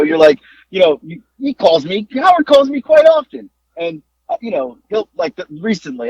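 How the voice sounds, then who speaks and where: Man, podcast host, husky, lively pitch, hesitant fillers, dull lo-fi. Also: no room sound. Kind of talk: casual chat. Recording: dull, dry lo-fi audio.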